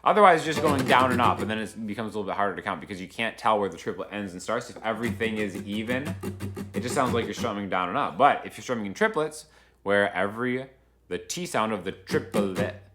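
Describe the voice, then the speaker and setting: A man's voice: fairly low pitch, lively intonation, quick pace, a bit bright. A man teaching a guitar lesson in a casual, chatty way, counting beats aloud as he strums. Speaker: guitar instructor. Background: acoustic guitar playing.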